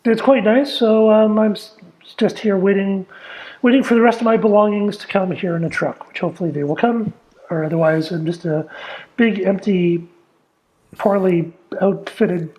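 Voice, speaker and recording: A man hosting a radio show, chatting in a relaxed, halting way with lots of fillers. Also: high voice, poor audio. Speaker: podcast host. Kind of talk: casual chat. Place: home studio, newly moved.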